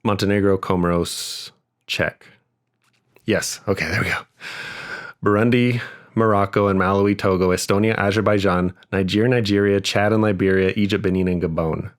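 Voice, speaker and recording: A young man hosting a casual podcast, reciting a long list in quick half-sung rhythm. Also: fairly low pitch, fairly even intonation. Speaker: podcast host.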